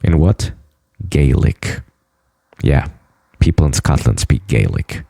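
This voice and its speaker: Man, deep gravelly voice, dark tone, dry close sound, brash and profane vlogger. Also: sing-song, slow pace, no room sound. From United States. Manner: blunt, profane, boastful. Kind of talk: boastful monologue to camera.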